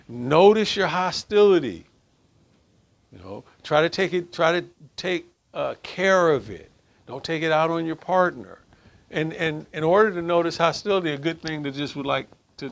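A man's voice: fairly high pitch, vocal fry. A man leading an informal group discussion on relationships as a counselor. He speaks emphatically and keeps checking in with "right?".

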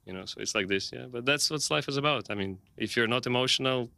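A man's voice: medium pitch, fast, gravelly, pushed and bright, no echo. A man being interviewed as a tennis player, talking in a frank, playful way and rambling through restarts and lots of "you know". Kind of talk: casual post-match interview. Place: interview set, indoors.

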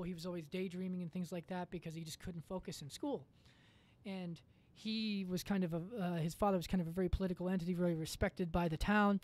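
A woman's voice: lowish voice, darkish tone. A woman as a podcast guest in casual chat, rambling through a story with lots of fillers and casual swearing.

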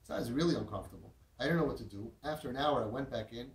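A man's voice: medium pitch, rapid-fire. A man telling a heartfelt story with emphasis, repeating words and using Yiddish and Hebrew terms. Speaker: parenting speaker. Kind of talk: storytelling talk. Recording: roomy echo, distant mic, faint noise.

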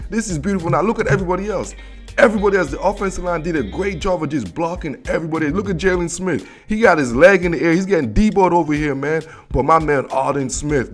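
Excited guy doing a football film breakdown, lots of slang, kinda high voice, soft music behind him. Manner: slangy, hyped, repeats "dog" and "bro". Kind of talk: excited casual film-room commentary. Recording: faint background music.

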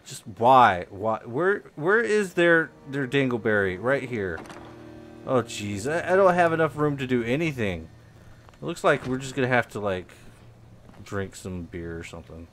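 A young man giving casual commentary while playing a game, muttering quietly and then bursting into loud, high-pitched, exasperated rants. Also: very animated, measured pace, faint music behind. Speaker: game video host.

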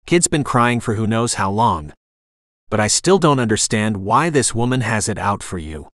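A man's voice: lowish voice, expressive, normal speed, fairly bright tone, no room sound, clean studio sound. A man reading as a stern protective deputy. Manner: stern, grim.

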